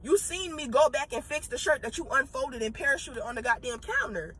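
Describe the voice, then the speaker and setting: A woman's voice: sits high, expressive, a little fast, bright, forceful tone, slightly rough, poor audio. A woman, a former retail manager, telling a casual storytime with profanity and rambling asides.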